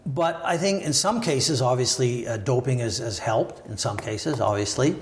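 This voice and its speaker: With a mid-range voice, lively intonation, and moderate pace, this older man from Canada talks through his views as a podcast guest. Once an Olympic wrestler and now a sports lawyer, he hedges thoughtfully, restarts often, and drifts into asides, recorded in an echoey room.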